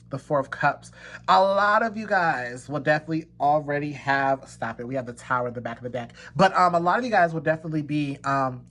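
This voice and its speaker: A man's voice: on the high side, a bit bright, a little hiss or hum. Emphatic man giving a tarot reading. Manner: emphatic and repetitive, reassuring the listener; slips into laughter and exclamations. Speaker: tarot reader. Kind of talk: pick-a-card tarot reading to viewers.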